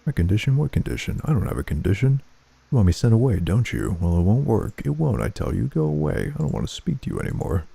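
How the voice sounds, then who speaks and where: A man's voice: sing-song, fast, gravelly, warm tone, husky, exaggerated voice. A man doing a taunting cruel sister. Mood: defensive. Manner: taunting, sing-song, shrill when upset. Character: cruel unstable young woman, mocking sister.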